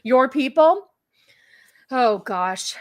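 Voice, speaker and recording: A woman's voice: high voice, lively intonation, very slow. A woman hosting a casual livestream podcast, talking in a sarcastic, mocking way and laughing often. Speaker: podcast host.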